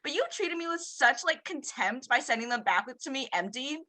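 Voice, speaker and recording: A woman's voice: high-pitched, lively intonation, a little fast, pushed and bright. A young woman doing a huffy valley girl. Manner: drawling, sprinkled with "like".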